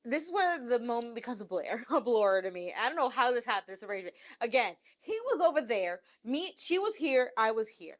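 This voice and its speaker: Lively young woman telling a wild story. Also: on the high side, brisk, hardly any pauses. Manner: animated, swearing, acts out quotes with laughs. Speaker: podcast co-host. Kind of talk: casual storytelling chat.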